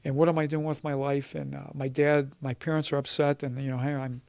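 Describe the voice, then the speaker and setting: A man in his mid-fifties tells his own story in a halting, earnest way, with frequent pauses and restarts. His voice is gravelly and stays fairly level in pitch. The recording is dry and close, with little room sound. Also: little pitch movement, darkish tone, no room sound. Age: 50s. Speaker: church member sharing his testimony. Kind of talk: personal testimony in conversation.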